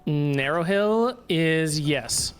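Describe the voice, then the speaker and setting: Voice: mid-range voice, expressive, drawn-out words, clean tone. A game master narrating a tabletop fantasy game with plenty of swearing and laughter. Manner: profane, laughs while narrating.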